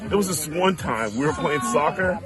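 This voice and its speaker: A man's voice: fairly high pitch, animated, moderate pace. A man telling a childhood story with lots of laughter, acting out the people in it. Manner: laughing, acts out quoted voices. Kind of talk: animated storytelling.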